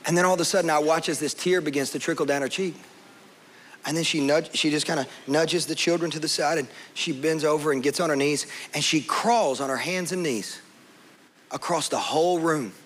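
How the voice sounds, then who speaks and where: High-voiced preacher telling his story. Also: a little fast, slight background noise. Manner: storytelling, animated, acts out quoted voices. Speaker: pastor. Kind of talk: sermon.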